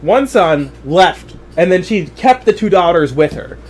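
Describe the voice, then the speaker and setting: Podcast co-host: man, high animated voice, hesitant and giggly retelling. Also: unhurried, slight background noise. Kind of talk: casual comedy chat.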